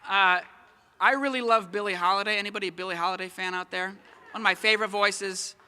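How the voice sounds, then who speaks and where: Young man doing animated stand-up. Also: high voice, fast talker, smooth, some chatter behind. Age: young adult. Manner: animated, self-mocking. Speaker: stand-up comedian. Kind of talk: stand-up comedy set.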